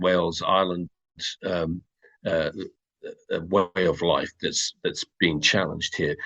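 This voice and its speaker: Low husky man, emphatic guest. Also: fairly bright tone, dull audio. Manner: emphatic, stresses words, lists things. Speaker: guest, former local party chairman. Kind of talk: impassioned political interview.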